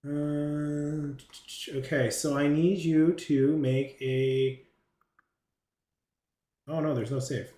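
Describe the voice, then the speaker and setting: A man's voice: a little high, flat delivery, extremely slow, pauses often, warm tone, roomy sound. A man narrating a tabletop game as game master, hesitant and full of fillers and restarts.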